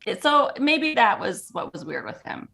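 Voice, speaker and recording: A woman who works as a sports broadcaster, co-hosting a casual sports talk show in a chatty, animated way. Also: a little high, moderate pace, creaky.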